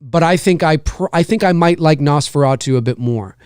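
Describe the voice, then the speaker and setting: This livestream host and indie filmmaker has a slightly high, smooth, darkish voice and talks at normal speed. He rambles casually about films, fielding viewer questions and correcting himself as he goes. The recording is dry and clean, studio quality.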